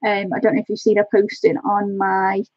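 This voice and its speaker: Gushing husky woman live-streaming. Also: medium pitch, brisk, dry recording, muffled recording. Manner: gushing, excitable, thanks viewers by name. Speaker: live-streamer chatting with viewers. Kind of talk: casual live-stream chat.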